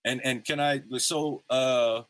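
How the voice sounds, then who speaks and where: Against crowd noise, a man in his thirties hosts a podcast, telling stories slowly in a casual interview chat. His medium-pitched voice stays steady, and his style is laid-back and slangy, full of fillers.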